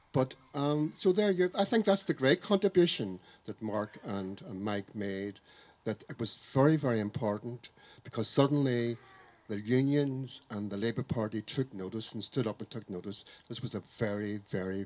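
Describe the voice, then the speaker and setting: A man's voice: fairly low pitch, darkish tone. Hesitant man speaking at an outdoor ceremony. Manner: hesitant, halting, with many fillers. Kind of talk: public ceremony speech.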